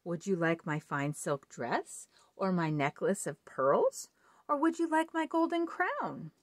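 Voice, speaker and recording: A woman's voice: on the low side, big pitch swings, measured pace, no room sound, clean studio sound. A woman reading a spoiled young princess. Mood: pleading. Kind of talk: children's storybook read-aloud.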